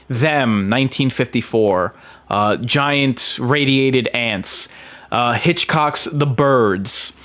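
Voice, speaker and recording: A man's voice: on the high side, a bit bright. Emphatic man talking about films. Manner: emphatic, with many ums and restarts. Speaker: film commentator. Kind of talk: casual film commentary.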